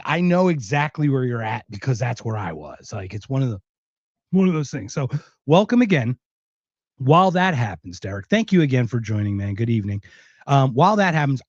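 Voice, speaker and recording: A man's voice: fairly high pitch, no echo, muffled recording. A man from Philadelphia with a faint Philadelphia accent, hosting a podcast in a rambling, chatty way. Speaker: podcast host. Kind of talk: casual chat.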